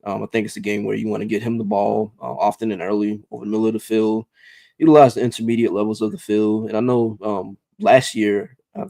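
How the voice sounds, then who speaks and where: Casting: man, podcast co-host breaking down a matchup, measured, close dry mic. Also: fairly low pitch, steady tone, creaky, mellow, dry recording. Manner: measured, lots of "um" and "you know". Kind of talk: casual sports analysis.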